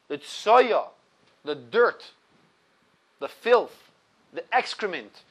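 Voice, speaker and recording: A man's voice: sits high, a bit bright, poor audio. A man in his thirties teaching a Torah lesson, building up points with emphasis and laughing at his own stories. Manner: storytelling with rising emphasis. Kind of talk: explaining a religious text to a class.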